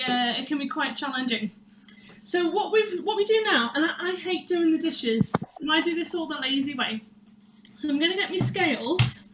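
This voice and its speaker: A chatty, bubbly woman, out of breath, hosting a live baking demonstration from her kitchen. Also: high voice. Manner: chatty, bubbly, self-deprecating. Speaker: baking show host. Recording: echoey room with faint noise.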